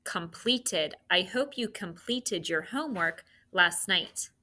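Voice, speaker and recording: A woman teacher dictating spelling sounds and words to students, with slow, clearly enunciated delivery. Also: fairly low pitch, expressive, bright, forceful tone.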